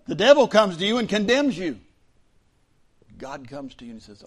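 A male pastor preaching a sermon, dropping to soft whispers and then rising to loud, fervent emphasis. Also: sits high, big pitch swings, moderate pace, long pauses.

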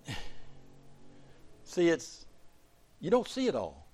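A middle-aged pastor preaching a sermon, his voice sitting a bit above the usual male register. He swings between loud, rising emphasis and low, hushed asides, speaking straight to his church. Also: wildly swooping pitch, slow pace, husky. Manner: preaching with sudden surges in pitch and loudness, then dropping low.

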